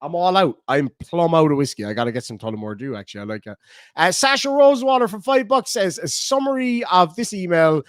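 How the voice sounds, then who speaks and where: An Irish man chats on a live stream and reads donation messages aloud, cursing freely and laughing between lines. His voice sits high and swoops up and down with lots of life. The sound is dry and close, with no room echo. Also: lively intonation, fairly quick. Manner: swearing, bantering, laughing often. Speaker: livestreamer reading donations. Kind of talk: casual livestream chat.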